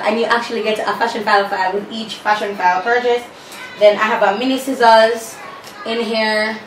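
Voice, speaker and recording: Out of breath, a woman chats casually on her vlog as she goes through the contents of her bag, throwing in sassy remarks for her viewers. Her voice sits a little high with a fairly bright tone. She's in a room at home with a fan running, and the echoey recording picks her up from a distance with a faint hum underneath.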